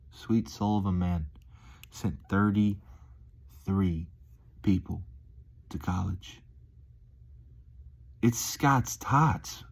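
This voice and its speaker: Low voiced guy rambling on in a chill upbeat vlog, playful, lots of chuckles. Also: dark tone, slightly rough. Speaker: vlogger. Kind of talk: casual upbeat monologue to camera.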